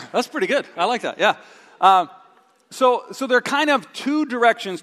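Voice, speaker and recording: A middle-aged male pastor preaching a sermon with a live stage demonstration, animated and acting out his own inner voice with groans. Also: sits high. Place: church sanctuary. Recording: long reverb of a large hall.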